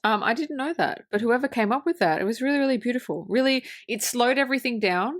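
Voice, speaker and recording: Animated woman, movie podcast co-host. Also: a little high, quick pace. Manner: animated retelling, acting out movie lines, laughing, swearing. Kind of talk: casual film review chat.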